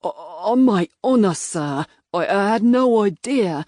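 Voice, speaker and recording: A woman's voice: low-pitched, slow, mellow, dry recording, studio quality. A woman voicing a flustered middle-aged male farmer who stutters and pleads.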